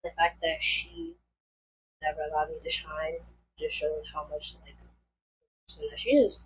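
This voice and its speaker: A woman's voice: deep voice, flat delivery, moderate pace, slight background noise, rough recording. A young woman, likely in her teens, telling a storytime vlog in a rambling casual way, full of fillers. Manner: rambling, many fillers like "like" and "and all that stuff". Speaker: vlogger.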